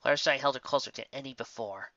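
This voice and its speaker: Woman reading a story out, really low voice, dry and kinda muffled lo-fi. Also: fast, creaky, fairly bright tone, no echo. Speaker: fan fiction reader. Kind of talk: storybook narration.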